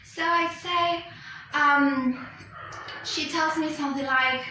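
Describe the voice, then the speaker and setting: A woman whose first language is Spanish walks through a pronunciation lesson slowly, pausing to check understanding and fixing her own slips. Her high, bright voice sounds from a distance. It rings through a very echoey room with faint background noise. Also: steady tone. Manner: slow and deliberate, checking with "okay?", self-corrects. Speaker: English pronunciation teacher. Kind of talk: recorded lesson explanation.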